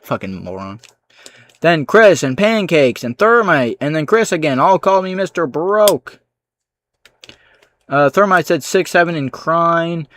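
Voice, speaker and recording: A man livestreaming, reading out chat comments with dry, sarcastic replies and low-key asides. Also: measured pace, fairly bright tone.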